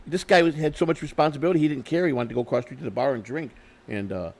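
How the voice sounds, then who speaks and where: Fast-talking, profane middle-aged man. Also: medium pitch, a loud crowd. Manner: profane, repeats and restarts words, grows loud when retelling arguments. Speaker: interview guest. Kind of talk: candid conversational storytelling.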